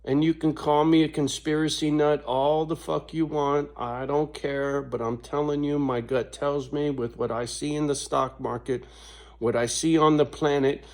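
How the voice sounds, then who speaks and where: A man ranting in a casual vlog monologue, swearing constantly and laughing between his points, with sudden high-pitched outbursts. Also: little pitch movement. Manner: slow, drawn-out delivery with big pitch swings. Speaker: vlogger.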